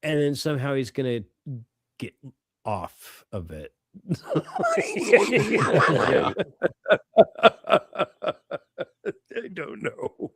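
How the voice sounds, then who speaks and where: A middle-aged man co-hosting a podcast in casual chat, animated and quick to swear and laugh. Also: mid-range voice, no echo. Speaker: podcast co-host.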